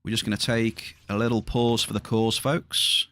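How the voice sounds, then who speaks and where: Guy on a game stream, kinda low voice, bit worn out, rambly chat to viewers. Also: fairly even intonation, moderate pace, a bit bright. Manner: rambling, chatty, addresses viewers directly. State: slightly strained voice. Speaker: livestreaming gamer. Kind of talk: casual livestream chat.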